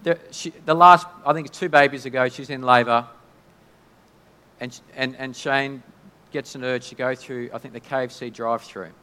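A man preaching a sermon in a conversational, halting way, often restarting his sentences. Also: mid-range voice, steady tone, bright, forceful tone, clear, resonant tone. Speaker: pastor. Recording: long hall reverb.

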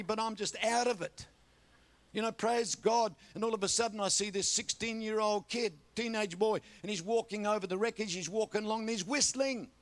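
Animated older Australian preacher, high voice. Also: male voice. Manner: animated storytelling with repeated audience call-outs. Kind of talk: sermon.

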